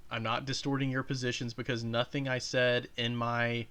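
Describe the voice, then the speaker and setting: A man hosts a casual reaction video, talking straight to his viewers in a sarcastic, profane way. His mid-range voice has little pitch movement, normal speed and a fairly bright, clean tone.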